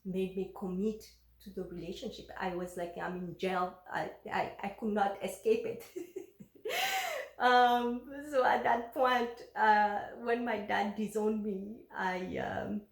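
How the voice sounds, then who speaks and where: A woman's voice: medium pitch, fairly even intonation, measured pace, creaky, echoey room. A woman telling a personal story candidly, often breaking off mid-sentence. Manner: candid and confessional. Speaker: vlogger.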